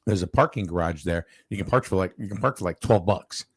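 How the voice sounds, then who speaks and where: A man's voice: low-pitched, fast talker, breathy edge, no echo. A man hosting a casual chat, telling a long story with lots of fillers and restarts. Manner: rambling, with many fillers and restarts.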